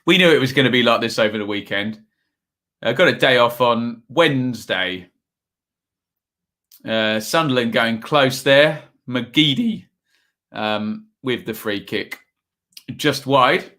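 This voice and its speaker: A slightly tired man hosts a live football stream, chatting and reading out viewers' messages and the scores. His medium-pitched voice is expressive and sharp-toned, and he speaks slowly with long pauses.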